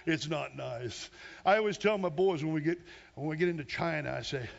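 A man from Western Pennsylvania preaching an energetic sermon. He is emphatic, calls out for amens and laughs at himself. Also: fairly high pitch, a little fast, vocal fry, highs cut off. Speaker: pastor.

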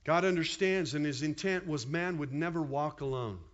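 Animated high-voiced male pastor preaching. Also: normal speed, dull audio. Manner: animated, conversational preaching with asides. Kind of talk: sermon.

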